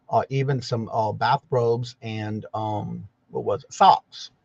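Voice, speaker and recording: Casting: male stream host, lively sing-song greetings, dry lo-fi sound. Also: fairly high pitch, dry recording. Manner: greets viewers by name with a repeated welcome; rambling, folksy, self-correcting. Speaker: livestream host. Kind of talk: casual live-chat morning show.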